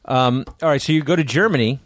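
Man firing off interview questions. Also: medium pitch. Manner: curious interviewer, lots of quick questions and "yeah". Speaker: podcast co-host. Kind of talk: casual chat.

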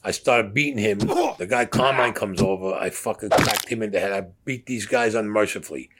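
A man's voice: on the low side, moderate pace, heavy background noise. A man recounting stories in a blunt, profane way, acting out the dialogue as he goes. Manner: blunt, profane storyteller who acts out dialogue. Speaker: former gangster telling his story.

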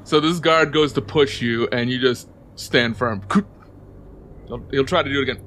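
A man's voice: medium pitch, moderate pace, a bit bright, slight background noise. Man narrating as game master. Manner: loose, repeats words while narrating.

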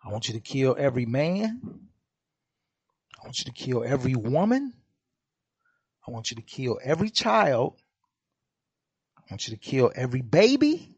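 A stern male God who hands out orders in a blunt, matter-of-fact way, as a man puts him on in a podcast monologue. He speaks slowly while his pitch swings widely. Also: vocal fry, no echo, heavily acted. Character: commanding biblical God, a stern male ruler. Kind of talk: comedic retelling in a podcast monologue.

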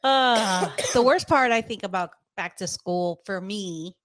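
A woman's voice: medium pitch, measured pace, background noise. A woman co-hosting a podcast, talking casually and easygoing, often laughing. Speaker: podcast co-host. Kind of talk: casual chat.

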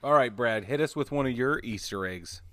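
Man, mid pitch, dry close sound, enthusiastic podcast co-host. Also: lively intonation, normal speed, fairly bright tone, dry recording. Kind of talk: casual chat.

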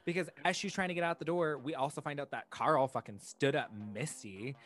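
A man co-hosting a casual podcast, retelling a film plot in an animated, profane way with frequent laughs. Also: a little high, a little fast. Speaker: podcast co-host. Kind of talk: casual chat recapping a film.

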